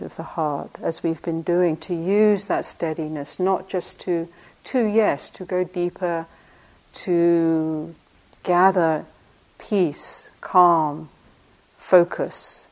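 A woman's voice: on the low side, steady tone, drawn-out words. An older woman, a meditation teacher telling stories from her past in a reflective talk, often breaking into laughter. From United Kingdom. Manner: anecdotal, often laughing, soft asides.

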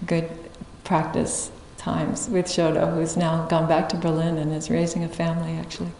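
A woman giving a dharma talk as a meditation teacher, telling a story in a reflective, unhurried way and laughing often. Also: low voice, monotone, creaky, warm tone, slight background noise. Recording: echoey hall with faint ambience.

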